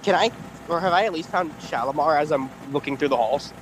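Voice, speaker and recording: A man playing a tabletop game, asking quick questions with restarts. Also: on the high side, a little hiss or hum, rough recording. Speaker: player. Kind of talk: casual tabletop play.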